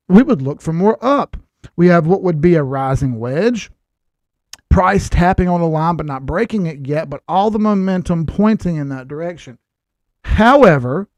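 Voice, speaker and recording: High-voiced man giving blunt market commentary. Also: darkish tone, no room sound, studio quality. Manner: blunt, lecturing, sarcastic asides. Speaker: crypto chart analyst host.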